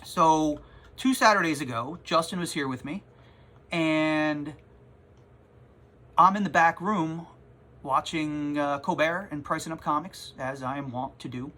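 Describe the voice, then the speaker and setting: Man, comic shop owner, casual vlog storytelling, rambling and animated, bright forceful voice. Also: a little high, unhurried, pauses often. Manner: rambling, animated, self-interrupting.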